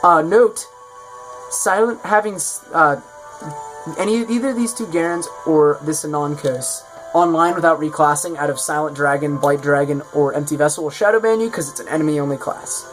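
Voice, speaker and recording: A man's voice: fairly high pitch, moderate pace, soft background music. A man casually presenting his own game mod in a showcase, rambling and correcting himself as he goes. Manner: rambling, self-correcting, offhand.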